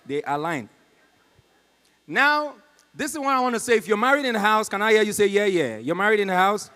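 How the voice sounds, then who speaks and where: Nigerian man, stand-up comedian, high voice, reverberant concert hall. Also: expressive, fairly quick, pushed and bright, clean tone. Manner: storytelling, talks to the crowd. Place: concert stage in a large hall.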